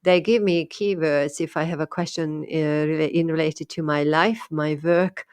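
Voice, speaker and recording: A woman's voice: sits low, steady tone, normal speed, a little mellow, clean tone, no room sound. A woman talking thoughtfully about her experiences as a medium, often repeating and restarting words. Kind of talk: casual monologue.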